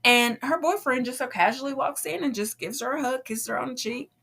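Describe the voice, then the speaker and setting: Woman, bright voice, casual faith storytelling, animated delivery. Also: high-pitched, a little fast, gravelly, slight background noise. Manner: animated, acts out quoted voices, laughs often. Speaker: podcast host.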